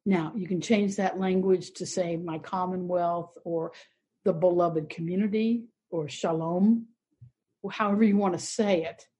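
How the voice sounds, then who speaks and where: Husky-voiced woman, 60s, clergy guest, thoughtful storyteller. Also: on the low side, steady tone, unhurried, warm tone. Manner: reflective, earnest, lightly humorous. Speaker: Episcopal priest, interview guest. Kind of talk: personal storytelling in conversation.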